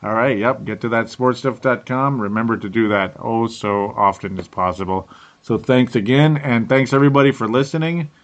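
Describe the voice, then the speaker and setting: A man's voice: mid-range voice, steady tone, moderate pace. A middle-aged man hosting a casual sports podcast, tired and rambling, laughing often and repeating words. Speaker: podcast host.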